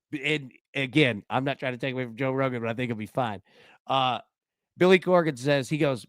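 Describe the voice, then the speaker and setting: A man's voice: medium pitch, brisk, dry recording, studio quality. A man hosting a casual live-stream chat, rambling through a story with lots of fillers and restarts. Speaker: host.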